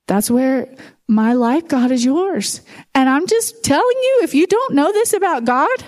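A woman preaching a sermon in a church, talking in a conversational, animated way with everyday fillers. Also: sits high, moderate pace.

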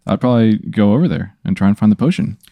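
A man playing along in a casual role-play, asking quick, curious questions. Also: lowish voice, expressive, no echo, narrow, tinny audio. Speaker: player.

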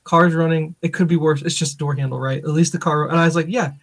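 A man co-hosting a podcast, telling animated stories in casual chat and laughing often. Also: a little high, quick pace. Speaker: podcast co-host.

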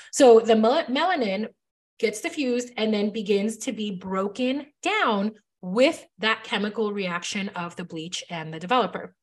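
A woman hair color educator explaining bleach chemistry in a casual, chatty teaching monologue, stressing key points and checking in with "right?". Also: medium pitch.

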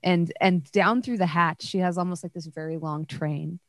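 A woman's voice: fairly low pitch, fairly even intonation, moderate pace, no echo. A woman narrating a tabletop game as game master, describing scenes loosely with many fillers.

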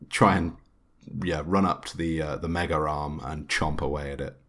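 Deep-voiced, bright-toned joking male player. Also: steady tone, normal speed. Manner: joking, swears casually. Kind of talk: casual tabletop game chat.

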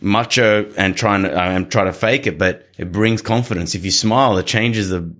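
A man with a somewhat low voice talks about training dogs in an easygoing conversation. He coaches earnestly, and he acts out little scenes along the way. His delivery stays practical and encouraging. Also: normal speed, a bit bright. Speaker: dog trainer. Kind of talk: casual podcast conversation.

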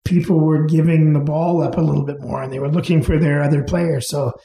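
Interview guest, man, easygoing rambling stories; mellow, slightly high voice in a reverberant room. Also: brisk, vocal fry. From England, raised in Canada. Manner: relaxed, rambling with fillers and restarts. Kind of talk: casual storytelling.

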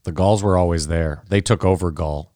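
Very deep man cutting in to argue. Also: fairly even intonation, normal speed, dark tone, no room sound, clean studio sound. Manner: argumentative, cuts in. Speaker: podcast co-host. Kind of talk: casual chat.

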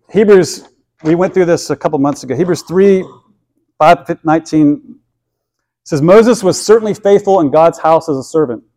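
A male pastor preaching with an earnest, pleading delivery. His voice sits a little high for a man, and he often stumbles over and repeats words as his point builds. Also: a little mellow. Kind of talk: sermon.

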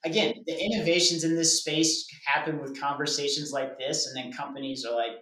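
A man's voice: a little high, steady tone, a little fast, bright, forceful tone. Man explaining earnestly in a roomy space. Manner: earnest, explanatory, with filler restarts. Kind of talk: casual panel discussion. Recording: roomy echo.

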